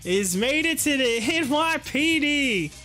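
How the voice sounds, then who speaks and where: Man, high-pitched, chatty livestream host, excitable, laughs a lot, faint music underneath. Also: takes it slowly. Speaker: stock market livestream host and youth football coach. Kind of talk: casual livestream chat.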